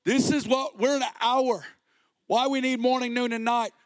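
Give me a middle-aged man with a high voice preaching passionately, recorded dry. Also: fairly even intonation, moderate pace, no echo. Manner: impassioned, rising to shouts at peaks. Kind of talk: sermon.

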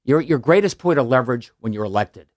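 A man's voice: mid-range voice, lively intonation, fast talker, no room sound, clean studio sound. A man in his sixties, a political candidate answering radio interview questions in an upbeat, persuasive way with some restarts. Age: 60s. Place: radio studio.

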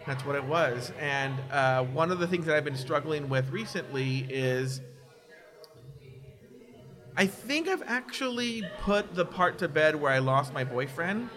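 With a crowd audible in the background, a podcast guest speaks unhurriedly in a voice on the high side. He's candid and lively as he recounts personal stories, sometimes mimicking people mockingly when he quotes them.

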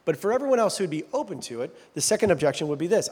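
A man's voice: high voice, very animated, rapid-fire, a little mellow, breathy edge, long reverb tail. A man preaching a sermon as a pastor in a church, talking in a loose, joking, self-deprecating way. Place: large church sanctuary.

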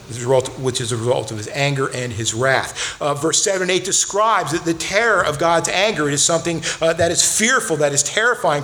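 A man's voice: fairly high pitch, fairly bright tone. A man preaching a sermon as a pastor, earnest and direct, repeating words for emphasis and turning to speak to the children in the congregation. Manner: earnest, repeats words when stressing a point.

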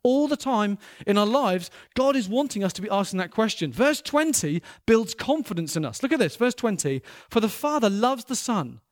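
A man's voice: sits high, sing-song, normal speed, hardly any pauses. A middle-aged man preaching a sermon as a pastor, conversational and full of rhetorical questions.

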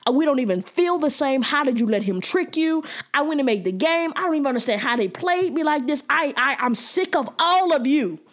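A woman's voice: high-pitched, pitched above the performer's own voice. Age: adult. Figure: a woman playing a furious cheated young man. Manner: ranting, folksy, indignant.

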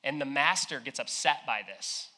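Bright-voiced young man preaching casually. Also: medium pitch, normal speed. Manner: casual storytelling with slang, acts out quotes. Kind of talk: sermon.

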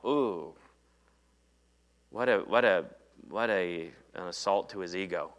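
A man preaching a sermon, retelling Bible stories with animated storytelling and acting out the dialogue. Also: fairly low pitch, a little slow, long pauses, clean tone.

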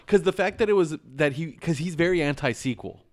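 A man's voice: a little high, animated, brisk, dry recording, clean studio sound. Rambling, enthusiastic man on a podcast. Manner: rambling, repeats words while searching for thoughts; enthusiastic, swears casually. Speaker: podcast co-host. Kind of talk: casual movie chat.

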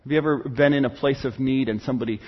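A man's voice: mid-range voice, steady tone, fast, breathy edge, muffled recording. A pastor preaching a candid, conversational sermon, acting out little dialogues and often restarting his sentences. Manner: stammering restarts.

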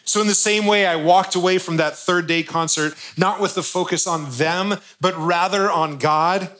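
A man preaching to his congregation in an earnest, conversational way, slipping in light jokes. His voice sits a little high and sounds bright and forceful. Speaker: pastor. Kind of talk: sermon.

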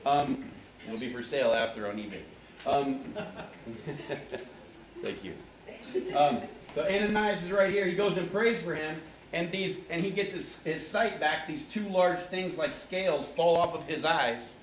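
In a large, echoey hall with an audience and faint ambience, a man gives a casual Bible lesson to a group, joking, using slang, and quizzing his listeners. His voice is on the high side and a little slow, with slight background noise.

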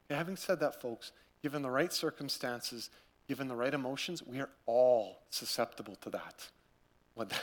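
A man preaching a sermon, earnest and repetitive, swinging between loud urging and quiet gravity. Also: medium pitch. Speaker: pastor.

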